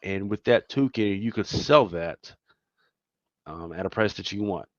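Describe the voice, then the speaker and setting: Speaking on the low side and a little slowly, an expressive man from Philadelphia, USA, co-hosts a podcast. It's a dull, dry recording with no echo; he chats casually, emphatic and repetitive, peppering in "man" and "right?".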